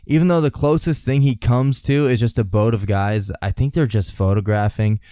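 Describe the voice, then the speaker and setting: A man's voice: medium pitch, moderate pace, warm tone, smooth, no echo, studio quality. A man co-hosting a podcast, casually retelling a story and swearing freely. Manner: profane, storytelling. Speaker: podcast co-host.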